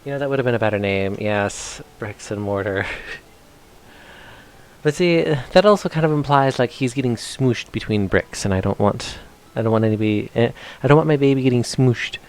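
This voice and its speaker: A man's voice: medium pitch, moderate pace, clean tone. Playful man streaming a game. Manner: chatty and playful, reads game text aloud in put-on voices. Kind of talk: casual live-stream commentary.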